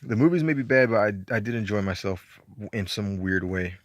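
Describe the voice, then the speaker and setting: A man's voice: on the low side, lively intonation, moderate pace, no echo, studio quality. A man with a Southern accent from Georgia, chatting casually and rambling through his movie collection, laid-back and a bit profane. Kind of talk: casual chat.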